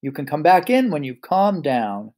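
Man voices an exhausted storybook mum pig, scolding, pitched well up. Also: big pitch swings, moderate pace, a little mellow. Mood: angry. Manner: shrill, scolding. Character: exhausted, furious mother pig.

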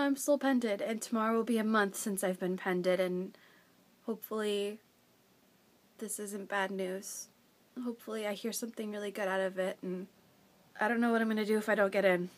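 A woman's voice: medium pitch, a bit bright, a little hiss or hum. A woman in her twenties vlogging casually in her bedroom, rambling with lots of fillers. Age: 20s. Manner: chatty, rambling, filler-heavy. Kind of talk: casual confessional vlog.

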